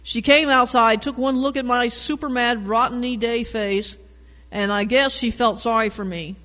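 A man reading a picture book aloud with animated storytelling and chatty asides about the pictures. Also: extremely high pitch, normal speed, big-room sound. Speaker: reader.

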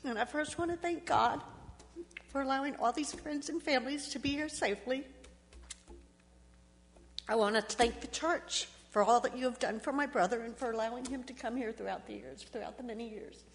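A middle-aged woman from Texas, giving a halting, emotional eulogy in a church, pausing on ums and restarts as she fights back tears. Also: a little high, creaky. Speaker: family member giving a eulogy. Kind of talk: memorial speech. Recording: echoey church hall.

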